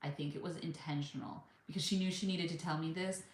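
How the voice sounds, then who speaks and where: A woman's voice: low voice, fast talker, a little hiss or hum. A woman in her thirties from the United States, telling a travel story casually and acting out the people she quotes. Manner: chatty, animated retelling with quoted voices. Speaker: vlogger. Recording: echoey room.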